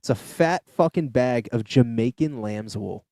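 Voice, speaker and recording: Speaking a little slowly in a dark, mid-range voice, a young podcast host rambles through a casual story full of curse words and fillers. The clean studio recording from a podcast mic has no room sound.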